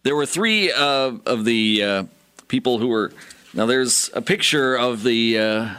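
A man's voice: mid-range voice, unhurried, sharp tone, smooth, dry recording. A man co-hosting a talk radio show, talking casually and stopping often to find his words. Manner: hesitant, many uh fillers and restarts. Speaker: radio co-host.

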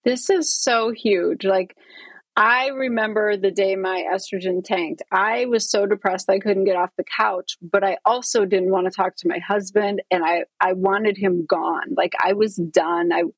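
Husky-voiced woman doctor explaining earnestly. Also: medium pitch, fairly even intonation, a little slow, dry recording, low-quality recording. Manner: earnest, explanatory, tells patient stories. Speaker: gynecologist guest. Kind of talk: interview storytelling.

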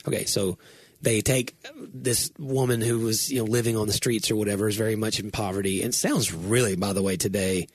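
Husky male pastor, casual chatty storyteller, pokes fun at himself, dry room. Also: fairly low pitch, a little fast, no room sound. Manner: animated, self-deprecating, rambling storyteller. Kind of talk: casual chat.

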